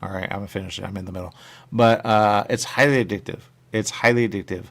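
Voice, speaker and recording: A man's voice: fairly low pitch, fast, gravelly. A male radio show host chatting casually and rambling, repeating his catchphrases. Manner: repetitive, animated, catchphrase-heavy. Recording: radio studio mic.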